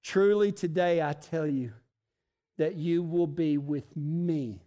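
A man preaching a sermon who swings between loud, emphatic lines and hushed, slow ones, with joking asides. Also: on the high side, lively intonation. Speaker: pastor.

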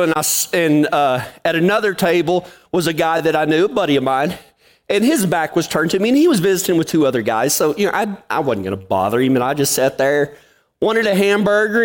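A man preaching a sermon, telling a folksy story and acting out the dialogue. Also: fairly high pitch. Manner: folksy, drawling anecdotes with acted-out dialogue. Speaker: pastor.

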